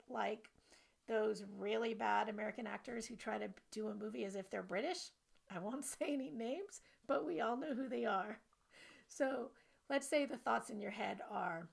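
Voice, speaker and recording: A woman talks through a self-help video lesson in an animated, playful way. Her voice sits at a middle pitch with noticeable vocal fry.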